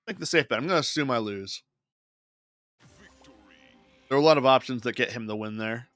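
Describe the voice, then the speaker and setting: A man's voice: mid-range voice, brisk, a bit bright, no echo, studio quality, faint music behind. A man casually talking himself through a digital card game as a streamer, muttering his moves and thoughts. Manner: muttering thoughts while playing. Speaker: gaming streamer. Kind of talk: casual gameplay commentary.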